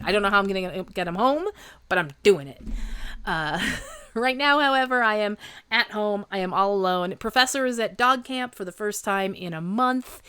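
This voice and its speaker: A woman's voice: medium pitch, fairly bright tone. Rambling, self-mocking woman in her forties. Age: 40s. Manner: rambling, self-deprecating, laughs often. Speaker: podcast host. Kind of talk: casual chat.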